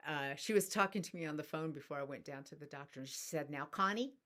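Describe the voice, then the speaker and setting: A middle-aged woman telling a personal story in a soft-spoken, reflective spiritual talk. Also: sits low, fast talker. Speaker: spiritual teacher.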